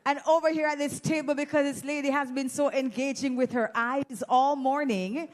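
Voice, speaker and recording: At a normal speed and with a high voice, this Jamaican host holds a handheld mic at a live event. She keeps things energetic, playfully teasing the audience and running prize games.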